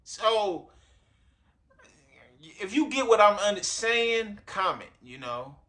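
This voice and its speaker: Guy ranting at his viewers about a clip, high voice that jumps all over, swears a lot. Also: sing-song, slow, sharp tone. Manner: profane, rambling, addresses viewers directly. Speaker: commentator reacting to a clip. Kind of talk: casual reaction commentary. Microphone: recording himself on camera.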